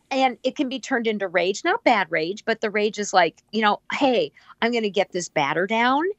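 A woman with a fairly high voice tells stories in a lively, animated way, leaning into every twist. She acts out the people she quotes as she goes. The sound is close and dry, with no room around it. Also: dry recording, highs cut off. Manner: animated storyteller who acts out quoted voices and laughs often. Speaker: guest, empathic healer. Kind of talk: casual interview talk.

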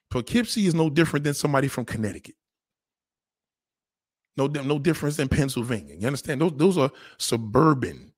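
A man's voice: medium pitch, breathy edge, no echo, studio quality. A man with a New York accent, talking in a casual, profane monologue and mimicking other people. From New York City. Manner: animated, swearing, mimicking others.

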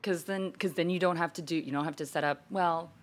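A speaker in casual podcast chat, lively and jokey, quick to laugh. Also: medium pitch.

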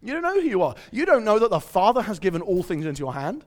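Animated man preaching. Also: high voice, quick pace. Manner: conversational, quizzes the audience, storytelling. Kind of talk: sermon.

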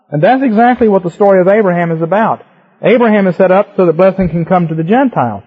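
A man's voice: high-pitched, breathy edge, lo-fi sound. A man preaching a sermon that teaches on scripture, emphatic and rhythmic, with repeated words for stress.

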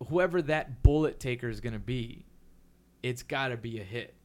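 A man from Texas with a Texan accent, a comedian in a loose podcast chat. He talks with energy and swearing and drops into quick voices of other people. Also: medium pitch. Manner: animated, profane, quick impressions of others.

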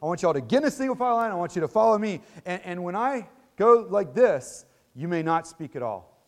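A woman's voice: lowish voice, lively intonation, a little fast, darkish tone, close to an everyday voice. A man voicing a stern, short, elderly first-grade teacher who barks clipped classroom commands. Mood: bossy.

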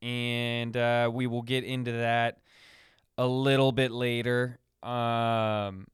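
A man talks through his week on a casual solo podcast, wandering from one anecdote to the next with plenty of fillers. His voice is smooth and clear. The sound is dry and close, with no room echo. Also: mid-range voice, flat delivery, takes it slowly. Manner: rambling, many fillers, acts out funny voices in anecdotes. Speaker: podcast host.

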